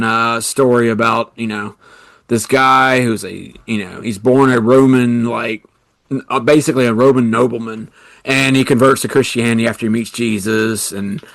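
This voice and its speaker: A man with a gravelly, medium-pitched, fairly bright voice co-hosts a podcast in a dry recording. His casual chat rambles, sprinkled with many "you know" fillers.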